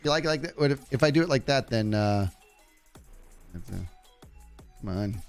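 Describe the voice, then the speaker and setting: A man streaming a game live, telling excitable stories to his chat and narrating his play, his voice turning growly when he gets loud. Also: medium pitch, normal speed, smooth, faint music behind. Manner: excitable storyteller, talks to chat while playing.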